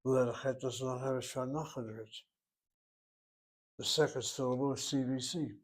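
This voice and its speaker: A man's voice: mid-range voice, fairly even intonation, normal speed. A man teaching a recorded language lesson, working through each word aloud, step by step and methodically. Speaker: Hebrew teacher.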